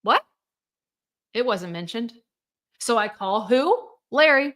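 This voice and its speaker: Bright-voiced, blunt woman coach. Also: on the high side, animated, slow, long pauses. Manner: blunt, profane, emphatic, rhetorical questions. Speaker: divorce coach. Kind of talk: motivational monologue.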